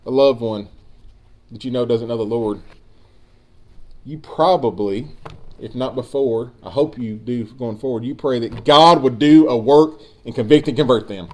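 A man preaching a sermon, building emphasis and speaking directly to his congregation. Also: mid-range voice. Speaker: pastor.

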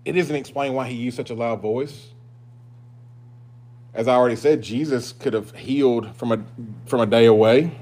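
A man preaches to his congregation with emphasis, moving between loud, driving declarations and quiet, confiding asides. His voice sits in the mid range, his pace is normal, and he pauses frequently.

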